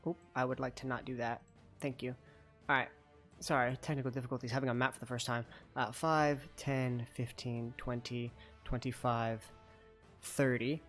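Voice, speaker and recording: Chatty man running a tabletop game. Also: mid-range voice. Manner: chatty, loose narration full of fillers and restarts. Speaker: dungeon master. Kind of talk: narrating a tabletop game over a call.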